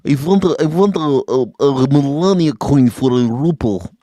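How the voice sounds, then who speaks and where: A man doing a halting, pleading impression of a leader. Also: medium pitch, animated, dark tone, no room sound, clean studio sound, lightly acted. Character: mock Russian leader pleading to buy coin.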